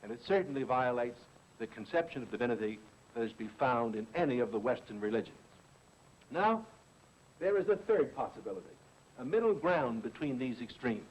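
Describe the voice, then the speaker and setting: A middle-aged man, a philosopher and teacher, giving a deliberate, emphatic lecture with repeated stresses on key words. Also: medium pitch, lively intonation, rough recording.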